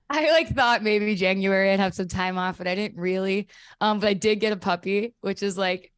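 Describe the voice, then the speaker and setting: A woman's voice: mid-range voice, normal speed, clean tone, dry recording. A woman singer chatting as a guest in a radio studio, laughing often and talking with many fillers. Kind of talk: casual radio interview.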